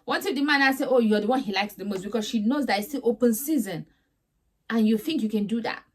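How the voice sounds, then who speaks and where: A young woman rants through a reality TV recap with sassy, chatty exasperation. Her voice sits a little on the high side. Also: quick pace. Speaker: vlogger host.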